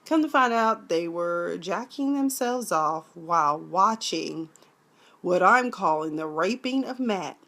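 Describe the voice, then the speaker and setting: Woman, vlogger, sassy, slangy, animated recap, casual. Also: lowish voice, slow pace. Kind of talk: casual episode review.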